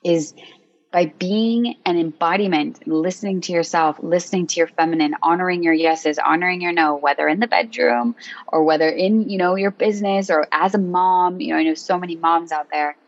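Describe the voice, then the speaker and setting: A woman's voice: on the low side, moderate pace, no room sound, dull audio. Earnest, swearing woman podcast host. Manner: emphatic and earnest, swears freely. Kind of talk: casual podcast conversation.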